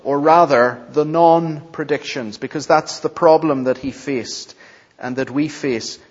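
A man preaching an expository sermon in a church, emphatic, repeating key phrases and putting questions to the congregation. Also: mid-range voice. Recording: dull sound, long hall reverb.

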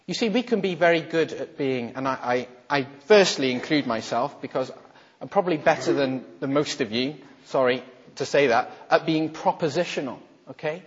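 A man, a minister, preaching a sermon with rhetorical questions, swinging between emphatic lines and hushed quoted words. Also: fairly high pitch, normal speed, breathy edge. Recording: muffled, echoey hall recording.

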